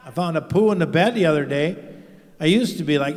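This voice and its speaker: A man's voice: a little high, a little fast, darkish tone. A man doing a stand-up comedy set, rambling and crude, with lots of "you know" fillers. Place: live stage show in a large venue. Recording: long-reverb live venue recording. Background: audience laughter.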